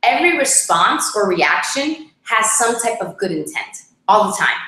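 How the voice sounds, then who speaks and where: Rozgadana kobieta w bardzo pogłosowym pokoju. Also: female voice, mid-range voice, very animated, moderate pace, pushed and bright. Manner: chatty, lots of "like" and "right?". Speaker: co-host. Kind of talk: casual couples chat. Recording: very echoey room.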